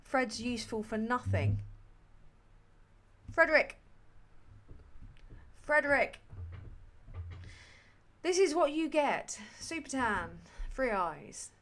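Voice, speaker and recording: A woman's voice: on the high side, animated, slow pace, pauses often, fairly bright tone. A woman hosting a livestream, chatting casually about politics in a sweary, rambling, sardonic way full of fillers. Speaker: livestream host.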